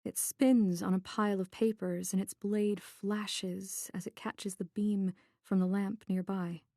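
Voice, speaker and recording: A woman reading a first-person thriller audiobook in a tense, measured way. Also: mid-range voice, flat delivery, warm tone, no echo, clean studio sound. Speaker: audiobook narrator.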